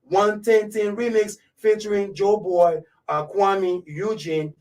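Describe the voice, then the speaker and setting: A man's voice: sits high, little pitch movement, takes it slowly, a little mellow, distant mic, low-quality recording. A man with a thick French accent hosting a live radio show in a laid-back way. He talks casually and keeps checking in with his listeners. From Côte d'Ivoire. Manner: laid-back, keeps saying "you know what I'm saying". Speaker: radio host.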